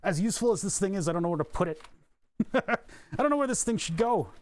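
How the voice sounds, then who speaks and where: A man live-streams from his home workshop, chatting casually and rambling while he works, often chuckling at his own jokes. His voice is high, expressive and fast, with no room sound.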